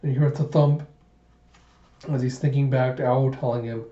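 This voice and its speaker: A man's voice: medium pitch, steady tone, moderate pace, warm tone, reverberant, lo-fi sound. A man casually retelling a manga chapter in loose, run-on narration. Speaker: manga reviewer.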